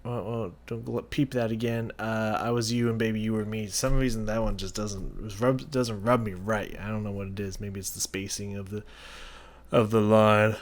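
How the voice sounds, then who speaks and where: A man's voice: fairly low pitch, flat delivery, moderate pace. A man hosting a music reaction video, thinking aloud as he analyzes a song and searching for his words. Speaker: music reaction channel host.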